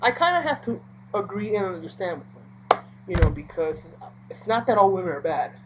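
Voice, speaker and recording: A woman's voice: medium pitch, sing-song, normal speed, heavy background noise. A woman telling a personal story in a casual, rambling vlog, full of fillers and asides. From Puerto Rico. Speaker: vlogger.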